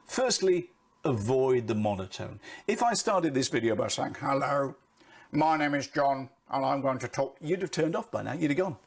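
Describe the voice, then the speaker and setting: His voice is slightly rough as he coaches on being present on camera. The middle-aged British man stays lively throughout, varying pitch and volume to drive home his emphasis.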